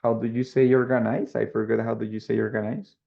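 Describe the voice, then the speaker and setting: Gravelly, patient man teaching English. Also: fairly low pitch, level tone, mellow. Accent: Colombian Spanish. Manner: patient, explains slowly, mixes in Spanish. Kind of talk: online English class. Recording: dull lo-fi audio.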